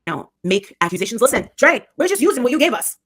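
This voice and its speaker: A woman with a slightly high voice talks on a live stream into a phone or webcam. She rambles, circles back and repeats herself, with a scornful, gossiping edge. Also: very animated, quick pace, a bit bright. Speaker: livestreamer.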